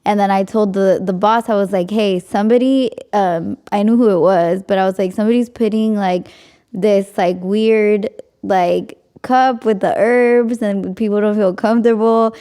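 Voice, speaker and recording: A woman's voice: medium pitch, fairly even intonation, normal speed, warm tone, clear, resonant tone. A young woman hosting a podcast, telling a story in casual chat, with lots of "like" and frequent laughs. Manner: chatty, frequent "like", laughs often. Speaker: podcast host.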